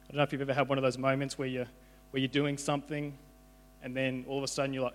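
A man's voice: medium pitch, completely flat delivery, fast talker. A young man giving an informal sermon, conversational, often repeating his words as he goes. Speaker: preacher. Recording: hall reverb with mains hum.

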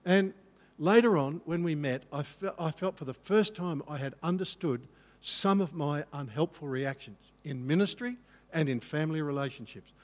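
A male pastor telling a personal story in a sermon, animated and self-mocking. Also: a little high, normal speed, big-room sound.

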